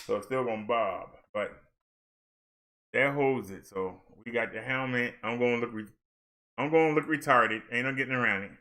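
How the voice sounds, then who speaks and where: A man with a mid-range voice, pushed and bright, vlogs at a moderate pace from a helmet-mounted camera. He's a vlogger and minister chatting casually and loosely with his viewers, repeating himself as he talks straight to them.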